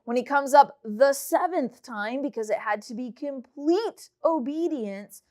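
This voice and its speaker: A high-voiced woman teaches a children's Bible lesson. She reads scripture aloud and retells it in lively, casual storytelling. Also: measured pace.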